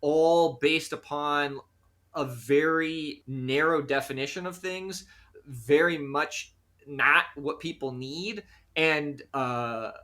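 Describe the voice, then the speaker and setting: An American man, a guest in an interview, explaining his ideas in an animated way and often acting out quoted voices. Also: a little high, slow. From United States. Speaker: guest, conflict resolution practitioner. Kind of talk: conversational interview.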